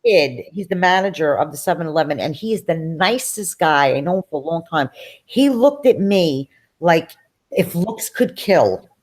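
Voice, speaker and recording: Animated middle-aged woman telling a story. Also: deep voice, moderate pace. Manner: animated, acts out quoted voices. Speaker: guest telling a personal story. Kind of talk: casual storytelling interview.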